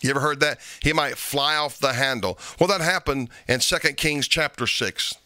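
A male pastor preaching a sermon, reading scripture aloud in old-fashioned wording and punching repeated phrases with sharp rises. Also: medium pitch, moderate pace, no room sound.

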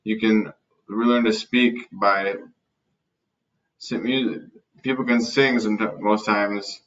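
Low-voiced young man with halting speech. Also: steady tone, fairly bright tone. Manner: halting, with restarts and broken-off words. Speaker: interview guest. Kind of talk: conversational interview answers. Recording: distant, dull lo-fi recording.

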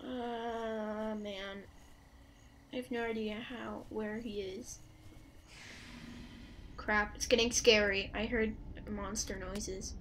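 A woman doing let's play commentary, joking around and breaking into loud startled outbursts. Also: mid-range voice, fairly even intonation, takes it slowly, pauses often, a little hiss or hum. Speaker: gaming YouTuber.

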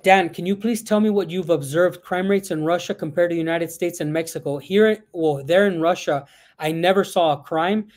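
Speaking at a moderate pace in a high, darkish voice, a man works through viewer questions during an informal live stream. He reads the chat aloud, drifts into rambling, and mixes in some Spanish.

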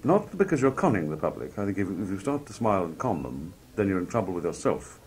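Deep-voiced man, a lively storyteller. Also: quick pace. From Liverpool, England. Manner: lively raconteur, acts out quoted people in different voices. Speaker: television announcer being interviewed. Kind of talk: relaxed anecdotal interview talk. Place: outdoor country fair at a cricket ground.

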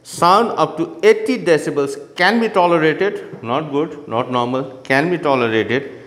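A man's voice: on the high side, a little slow, fairly bright tone, long reverb tail. A male teacher explaining a lesson in an online class, often checking in with "okay" and "right?".

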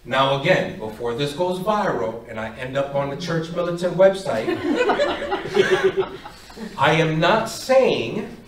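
A man's voice: a little high, slight background noise. A man giving a faith talk to a parish group, telling stories and acting out each voice in them. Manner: animated, acts out both sides of stories. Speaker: parish speaker. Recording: echoey hall, far from mic.

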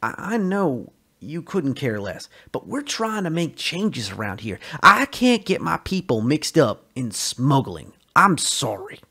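A man's voice: on the high side, sing-song, measured pace, few pauses, sharp tone, breathy edge, voice pushed up, exaggerated voice. A man voicing an apologetic, conflicted leader who stammers and pleads as he refuses.

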